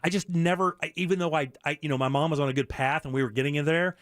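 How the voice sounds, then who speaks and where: A man's voice: on the high side, steady tone, fast, a bit bright, dry recording, clean studio sound. A middle-aged man hosting a radio show, talking earnestly and bluntly with many restarts. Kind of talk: candid talk radio monologue.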